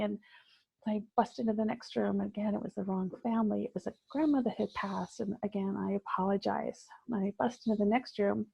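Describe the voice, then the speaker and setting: A woman guest sharing a personal story in conversation, reflective and halting, with many fillers. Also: mid-range voice, steady tone, gravelly, husky, no echo, dull audio.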